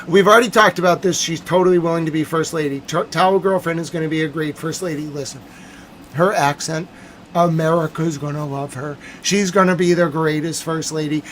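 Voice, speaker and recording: High-voiced man rambling on a livestream. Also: fairly even intonation, fairly quick, fairly bright tone, a little hiss or hum. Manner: rambling, mock-boastful, playful. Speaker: streamer host. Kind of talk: joking livestream monologue.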